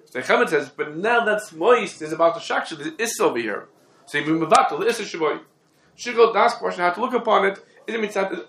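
A man giving a Talmudic lecture, reasoning fast through questions and answers. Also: on the high side, gravelly, a bit bright, reverberant. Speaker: Torah teacher.

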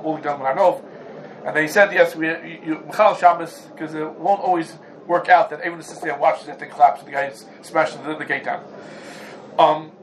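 A man's voice: a little high, slight background noise, rough recording. A man teaching a Torah lecture, talking animatedly, repeating himself, restarting phrases and asking rhetorical questions. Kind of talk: Talmudic lecture.

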